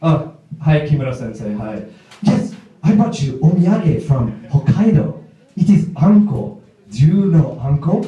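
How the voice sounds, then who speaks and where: A man voicing a polite, eager Japanese coworker who speaks halting, formal English with a Japanese accent. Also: a little high, sing-song, dark tone, lo-fi sound. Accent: Japanese-accented English, put on. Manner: halting, overly formal phrasing. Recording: echoey room, mic far off.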